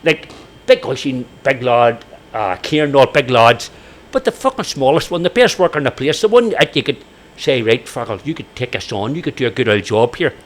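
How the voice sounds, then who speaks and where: A man's voice: mid-range voice, big pitch swings, moderate pace. An older man, a bar owner telling sweary anecdotes in casual chat.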